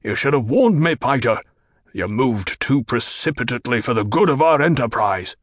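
A man doing a snappish, husky villainous baron. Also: mid-range voice, animated, moderate pace, no room sound, studio quality, close to an everyday voice. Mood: scolding. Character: cruel, domineering, gluttonous male baron.

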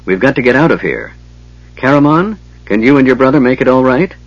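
A man's voice: mid-range voice, animated, fairly quick, dry recording, muffled recording, pitched above the performer's own voice, natural voice. A man voicing a young half-elf leader, firm and urgent, in an audiobook.

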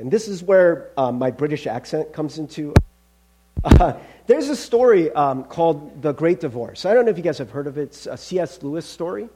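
A man's voice: a little high, dark tone, husky. A male pastor preaching a conversational sermon, calling listeners friends.

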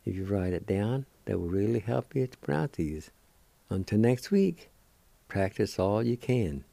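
Slow, dark-voiced older man teaching words. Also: on the low side, expressive, creaky, no room sound. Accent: Cherokee. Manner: slow, deliberate, repeats each word. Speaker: radio language teacher. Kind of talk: slow spelled-out language lesson.

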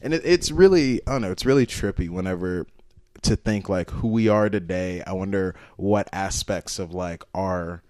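A man's voice: low voice, moderate pace, no echo, clean studio sound. Young man in loose, swearing chat. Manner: animated, swears freely, talks over others. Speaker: podcast co-host. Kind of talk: casual drinking chat.

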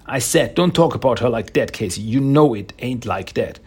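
A man's voice: mid-range voice, animated, moderate pace, a little mellow, husky. A man voicing a hot-headed male mutant turtle ninja who speaks bluntly and defensively.

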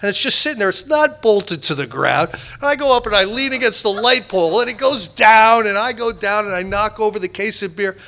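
Bright-voiced man telling his recovery story. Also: high voice, lively intonation, fairly quick, hardly any pauses. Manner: rambling, self-deprecating storyteller with many restarts. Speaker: speaker sharing his recovery story at a meeting. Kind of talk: personal recovery talk to a live group.

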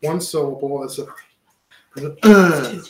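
A man's voice: on the high side, measured pace, darkish tone, reverberant, a little hiss or hum. Pushy man running a word game. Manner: pushy, hurrying others along. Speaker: game leader asking for words. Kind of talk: casual group game.

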